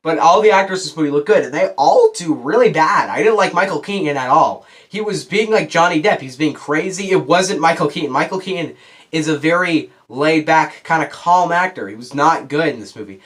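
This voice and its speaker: A young man with a somewhat high voice gives a casual review. He rambles bluntly and sounds frustrated, with restarts along the way. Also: expressive, a little fast, a bit bright. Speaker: movie reviewer.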